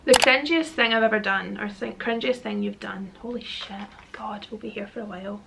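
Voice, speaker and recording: A Scottish woman in her twenties with a slightly high voice talks straight to camera in a casual Q&A. She rambles, trips over her words and laughs at herself. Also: steady tone, normal speed, gravelly, background noise. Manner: chatty, rambling, self-deprecating, laughs often. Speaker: vlogger.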